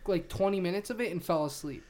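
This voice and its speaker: A man co-hosting a podcast in relaxed, teasing banter with plenty of swearing, on a podcast microphone. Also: sits high, fast. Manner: laid-back, teasing, profane. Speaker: podcast co-host. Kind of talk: casual chat.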